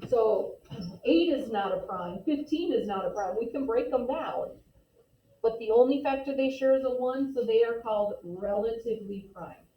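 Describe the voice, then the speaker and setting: A woman teaching a math class with a patient, step-by-step manner, her voice a little higher than most. She is picked up from across an echoey classroom, and the sound is muffled and lo-fi. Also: normal speed, distant mic, a little hiss or hum. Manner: patient, explains step by step, calls on students. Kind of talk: classroom lesson. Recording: echoey classroom recorded from afar, dull lo-fi.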